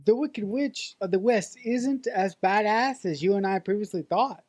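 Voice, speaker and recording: A woman's voice: medium pitch, normal speed, darkish tone, dry recording. Hesitant, giggly woman podcaster. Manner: hesitant, repeats words, laughs often. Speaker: podcast co-host. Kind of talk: casual movie review chat.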